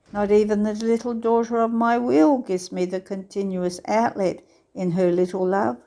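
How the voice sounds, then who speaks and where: A woman reading a devotional text aloud in a slow, measured, tender recitation. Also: mid-range voice, dark tone. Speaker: devotional reader. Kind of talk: scripture-style devotional reading.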